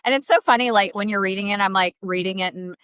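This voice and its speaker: A woman's voice: mid-range voice, fast, fairly bright tone, clean tone, dry recording. A woman with a Southern accent, co-hosting a podcast in upbeat, chatty talk full of fillers. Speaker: podcast co-host, travel advisor. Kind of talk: casual podcast chat.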